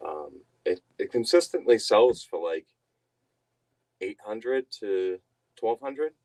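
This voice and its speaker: A man's voice: deep voice, a little mellow, poor audio. A young man telling a rambling story to his stream viewers, laughing often and breaking off mid-sentence. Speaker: reseller streamer.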